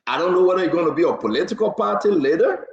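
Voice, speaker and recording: Man, talk show host, animated, laughing, teasing, echoey muffled audio. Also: high-pitched, fast. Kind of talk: live political talk show. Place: New Jersey.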